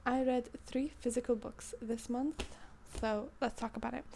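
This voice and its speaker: A woman's voice: fairly high pitch, fairly even intonation, normal speed, creaky, heavy background noise. A young woman with a British-sounding accent reviewing books in a rambling, playful chat that keeps cutting itself off. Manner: rambling, self-interrupting, playful. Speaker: book reviewer. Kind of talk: casual chat.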